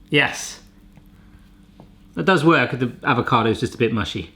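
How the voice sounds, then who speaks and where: Lively, jokey man. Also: mid-range voice, normal speed, creaky, pauses often. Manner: jokey, playful, chatty. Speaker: kitchen gadget reviewer, show host. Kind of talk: casual vlog chat.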